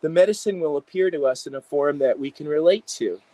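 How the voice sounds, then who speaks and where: A man, an integration psychologist, telling animated stories in a casual interview with many fillers. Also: a little high, fairly quick, dry recording, rough recording.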